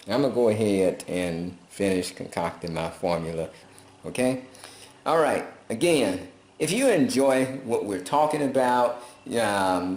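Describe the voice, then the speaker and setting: A man talking in a folksy, preachy, casual vlog style, telling animated stories. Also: on the low side. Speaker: vlogger. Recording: roomy echo.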